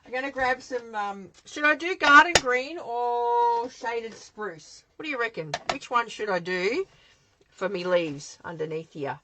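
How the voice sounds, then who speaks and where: A woman's voice: a little high, expressive, a little slow, pushed and bright, slight background noise, rough recording. An Australian woman hosting a live craft demonstration from her home craft shed, chatting in a rambling way and answering viewer comments as she works.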